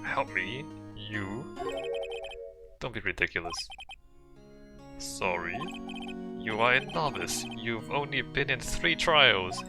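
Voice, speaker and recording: A man's voice: fairly low pitch, animated, takes it slowly, long pauses, loud music behind the voice. A man reading the lines of a cold, haughty young male prosecutor behind bars, curt and dismissive. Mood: scornful. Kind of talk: reading game dialogue aloud.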